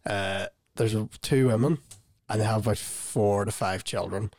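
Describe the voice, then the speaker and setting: A man's voice: on the low side, normal speed, a little mellow, no room sound. A young man, rambling and laughing as he tells a story on a casual podcast. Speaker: podcast co-host. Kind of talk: casual chat.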